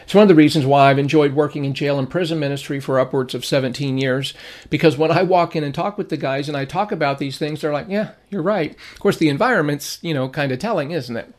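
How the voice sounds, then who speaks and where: A middle-aged Bible teacher with a voice pitched a touch high gives a fast, informal lesson. He talks through his points conversationally, drifting into anecdotes and briefly voicing the people in them.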